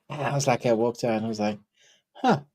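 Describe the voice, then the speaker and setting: A man's voice: mid-range voice, fairly even intonation, fairly quick, darkish tone, a little hiss or hum. A man co-hosting a live movie chat stream, laid-back and joking.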